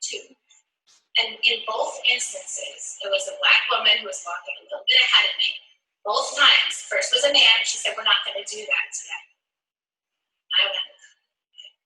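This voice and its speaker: A woman's voice: fairly high pitch, normal speed, sharp tone. A woman from New York telling a personal story in a speech, earnest and heartfelt. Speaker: speaker sharing a personal story. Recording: echoey room, voice from a distance.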